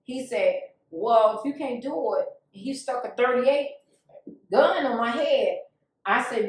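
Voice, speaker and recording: A woman's voice: on the high side, takes it slowly, distant mic. Woman telling her story in an echoey room. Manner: emotional storytelling, acts out quoted voices. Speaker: guest. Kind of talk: candid personal testimony.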